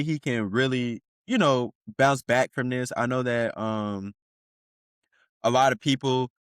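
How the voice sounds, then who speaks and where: A man's voice: medium pitch, a bit bright, clean tone, no room sound, clean studio sound. A man hosting a podcast, riffing in casual slang-heavy commentary and laughing often. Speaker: podcast host.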